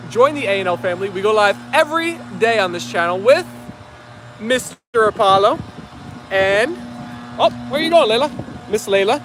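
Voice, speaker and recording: With a little hiss or hum in the background, a man with a high, slightly bright voice hosts a dog livestream outdoors. He reads viewer comments aloud in an upbeat, easygoing live chat.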